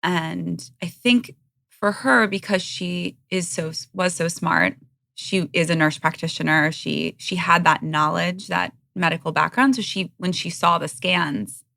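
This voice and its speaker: A woman's voice: lowish voice, a little slow, vocal fry, pushed and bright, no room sound, studio quality. A woman in her thirties, a podcast guest speaking openly and frankly in conversation. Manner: open, frank, occasionally blunt. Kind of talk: candid conversational interview. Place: podcast studio.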